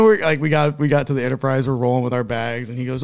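A man co-hosting a golf podcast, telling animated stories in casual chat and laughing often. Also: mid-range voice, quick pace, gravelly, clear, resonant tone. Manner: animated storyteller, laughs and swears. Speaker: podcast co-host.

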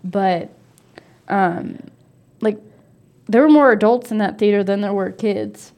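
Woman co-host, casual review talk, blunt and dry, filler-heavy, mid-pitched, on a podcast mic. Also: measured pace, darkish tone. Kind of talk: casual movie review chat. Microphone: podcast microphone with headphones.

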